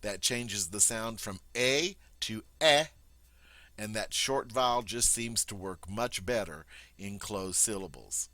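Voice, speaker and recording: Bright-voiced man teaching French grammar. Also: on the low side, slow, dry recording. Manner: patient, methodical, with many ums and rhetorical checks. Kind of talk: explaining a grammar lesson.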